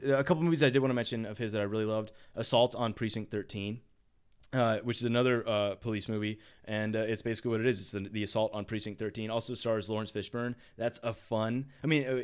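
A man chatting on a podcast in an easygoing, rambling way. He gets excited, trips over his own sentences and fills the gaps with "uh" and "like." It sounds like a friendly, unscripted conversation. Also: on the low side, fast talker, clean tone. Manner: rambling, lots of restarts and fillers, enthusiastic. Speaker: podcast co-host. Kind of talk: casual chat.

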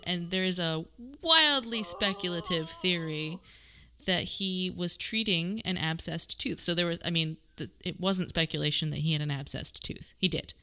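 Casting: woman podcast co-host, bright, lowish voice, chatty explainer with jokes. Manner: explains at length with jokes, laughs easily. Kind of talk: casual science podcast chat.

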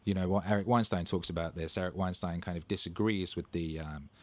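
A man's voice: low voice, fairly even intonation, a little fast, a little mellow. A man hosting a livestream, talking casually and animatedly, breaking into mocking voices. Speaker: streamer hosting a Q&A show.

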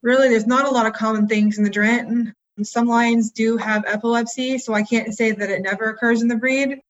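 A woman dog breeder giving measured, informative answers. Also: fairly high pitch, fairly even intonation, highs cut off. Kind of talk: interview answers.

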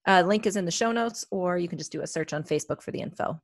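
A woman's voice: fairly low pitch, quick pace, dry recording, studio quality. A woman co-hosting a wellness podcast, talking in a chatty, reflective way with many fillers. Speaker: podcast co-host, therapist. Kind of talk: casual podcast chat.

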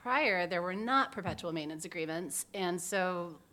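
A woman's voice: fairly low pitch, normal speed, bright, forceful tone. Chatty woman explaining at length. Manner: explains at length with many "like" fillers. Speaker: guest; urban designer. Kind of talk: casual podcast chat.

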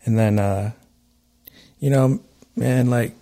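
A man's voice: medium pitch, slow, mellow. A man hosting a casual podcast, talking earnestly and emphatically, rambling and restarting his sentences. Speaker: podcast host.

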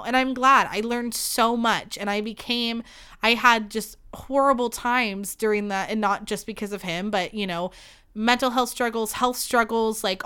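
On her podcast, a young host speaks openly and emotionally about a breakup, near tears, cursing and peppering her words with "like" and "you know." Her voice sits on the high side, sharp in tone and smooth.

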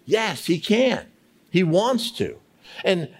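A man with a fairly high voice that swings up and down a lot teaches a Bible study method. He keeps asking questions aloud and drags out key words to stress each one. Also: lively intonation. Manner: emphatic, slows to stress single words; asks many questions aloud.

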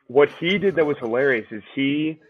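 A man with a husky, breathy voice tells rowdy, swear-filled stories in casual chat. He acts out the people he quotes with gusto. The sound is a little muffled and lo-fi. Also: fairly high pitch, normal speed, no echo. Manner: animated, profane storyteller acting out quotes. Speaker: podcast guest, former officer candidate.

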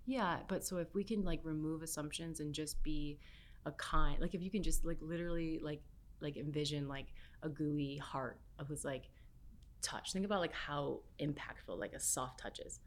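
A woman guest chatting casually, soft-spoken, often trailing into a near whisper and filling with "like". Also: low-pitched, moderate pace. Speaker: podcast guest, health chef. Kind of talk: casual chat.

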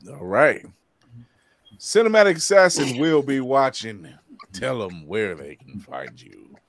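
A podcast host who is giggly and animated in casual chat. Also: mid-range voice, unhurried.

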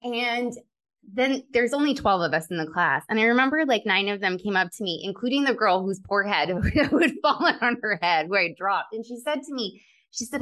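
A woman's voice: mid-range voice, lively intonation, fairly bright tone. Earnest woman sharing personal stories. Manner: earnest, reflective, quick to laugh. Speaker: guest, clinical pharmacist. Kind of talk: personal storytelling in a podcast interview.

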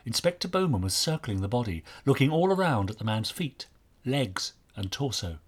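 A man narrating a mystery story with an expressive, varied delivery. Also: medium pitch, normal speed, breathy edge. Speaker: audiobook narrator.

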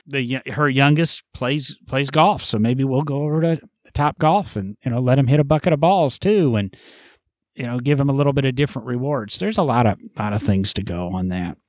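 A man's voice: mid-range voice, brisk, a little mellow, dry recording, muffled recording. Easygoing man chatting on a podcast. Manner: rambling, easygoing, frequent "you know" fillers. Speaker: podcast co-host. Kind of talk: casual podcast chat.

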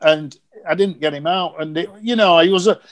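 Animated man telling stories. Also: fairly high pitch, moderate pace, lo-fi sound. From Yorkshire, England. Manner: animated anecdotes with acted quotes. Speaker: guest, former cricket coach. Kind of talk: casual podcast storytelling.

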